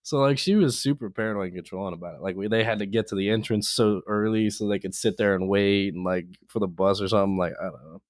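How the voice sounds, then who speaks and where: Low-voiced man telling a story, dry sound. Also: quick pace, hardly any pauses, no echo. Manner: animated anecdote-telling, acts out other people's lines; peppers speech with "like". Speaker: podcast co-host. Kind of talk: casual storytelling chat.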